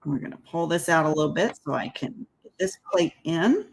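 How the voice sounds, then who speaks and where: A woman's voice: deep voice, expressive, brisk, vocal fry, husky, poor audio. A woman giving a casual crafting tutorial, chatting as she works and laughing at her own slips. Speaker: card-making demonstrator.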